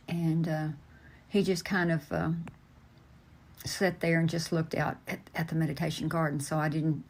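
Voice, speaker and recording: An older man tells a story from his past at an unhurried pace, often stopping on ums and uhs. His recollection is earnest and plainspoken. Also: fairly high pitch. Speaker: storyteller recounting family memories. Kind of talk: slow personal recollection.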